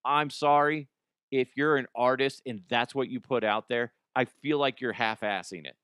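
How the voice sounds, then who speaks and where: A man's voice: mid-range voice, moderate pace, fairly bright tone, clear, resonant tone, dry recording, studio quality. A man hosting a comedy show, riffing sarcastically on odd news stories, swearing freely and jumping into mocking voices. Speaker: comedy podcast host.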